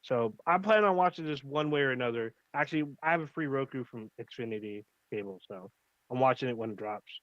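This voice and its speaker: A man's voice: mid-range voice, brisk, fairly bright tone, no room sound, lo-fi sound. A man co-hosting a casual livestream chat, rambling and enthusiastic, swearing freely. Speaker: podcast co-host.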